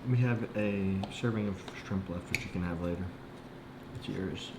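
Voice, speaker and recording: A man's voice: low-pitched, moderate pace, noisy background. A man chatting casually at home as co-host with his partner, tossing in offhand, jokey asides. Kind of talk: casual chat. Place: home, near the kitchen. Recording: echoey room.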